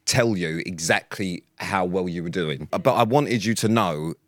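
A man's voice: deep voice, measured pace, no room sound. A young man co-hosting a podcast, talking in an earnest, emphatic way with the odd swear word. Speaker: podcast co-host. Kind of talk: casual chat.

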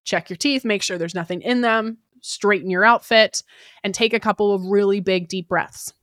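A chatty woman hosts an advice podcast. She talks quickly, often uses "like" and "kinda", and keeps asking "right?". The sound is dry and close, with no room echo. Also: mid-range voice, fairly bright tone. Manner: quick, chatty delivery with frequent "right?" tag questions; fillers like "like" and "kinda". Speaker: podcast host giving job-interview advice.

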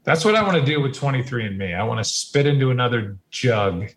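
A man's voice: medium pitch, lively intonation, a little fast, a bit bright. Chatty man in a casual podcast chat. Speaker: announcer.

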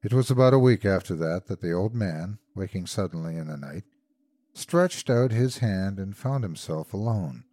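A male host narrating a classic horror tale in a grave, measured manner. His voice sits low and the recording is dry and close. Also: animated, dark tone, dry recording. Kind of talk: scripted narration.

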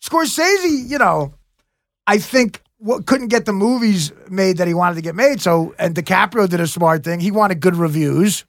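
A man's voice: high-pitched, animated, moderate pace, dry recording, studio quality. A man comedian telling crude stories in a casual podcast chat, laughing as he goes. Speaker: guest comedian.

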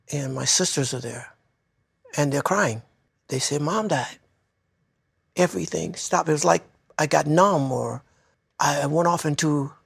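An older man from Detroit recalling his childhood in a reflective, heartfelt way, sometimes speaking softly. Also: on the high side, vocal fry, slightly rough, dry recording, studio quality. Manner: reflective, heartfelt, soft at times. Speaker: interviewee. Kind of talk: personal storytelling.

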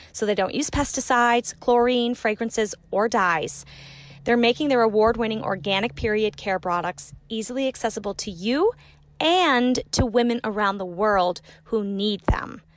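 Host, woman, mid pitch, upbeat earnest ad read, dry sound. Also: fairly bright tone, no echo. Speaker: podcast host reading sponsor ad. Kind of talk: read sponsor message.

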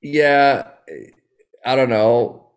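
Chatty man, halting comic talk. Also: medium pitch, fairly even intonation. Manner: chatty, halting, with many fillers. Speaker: guest, comedian. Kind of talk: casual chat.

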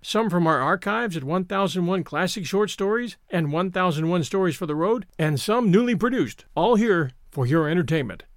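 Guy reading a memoir audiobook for his podcast, kinda high voice, very lively up and down. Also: normal speed, few pauses, dry recording, studio quality. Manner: expressive storytelling, acts out quoted speech. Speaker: podcast host and narrator.

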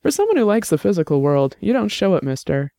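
A man's voice: high voice, sing-song, creaky, no room sound, clean studio sound, voice pushed up, heavily acted. A man voicing a fragile, tearful young woman. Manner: soft, halting, tearful.

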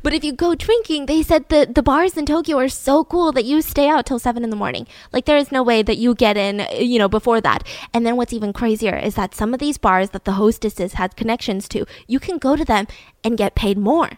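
A woman's voice: a little high, fairly quick, no room sound. A woman hosting a podcast, telling a true-crime story in a chatty way, swearing casually and laughing between points. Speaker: podcast host.

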